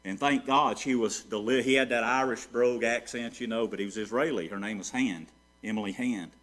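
A man preaching a sermon, moving from hushed storytelling to ringing rhetorical questions that he answers himself. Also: medium pitch, brisk. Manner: preaching with sweeping swings between soft and loud. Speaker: pastor.

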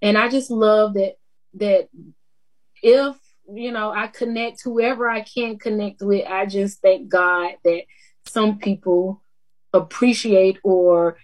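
A woman's voice: mid-range voice, fairly even intonation, slow, darkish tone. A woman, a TV news anchor, chatting in an interview in a down-to-earth way and laughing often. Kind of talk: casual interview chat.

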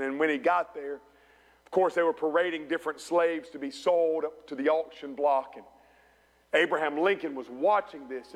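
A man preaching a sermon as pastor in a church, building to passionate peaks and dropping to hushed storytelling. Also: fairly high pitch. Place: church sanctuary. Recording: long church reverb.

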